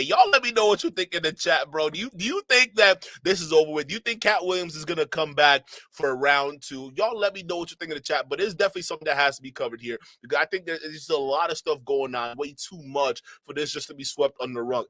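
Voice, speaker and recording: High-voiced man mocking for his chat. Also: no room sound. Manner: animated, mocking, laughing often. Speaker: commentary channel host. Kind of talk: reaction commentary to chat.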